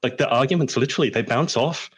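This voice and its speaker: A man co-hosting a casual chat show, reading viewer comments and telling stories with lively emphasis. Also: fast talker, slightly rough. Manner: animated storyteller, rising pitch when acting out quotes. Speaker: podcast host.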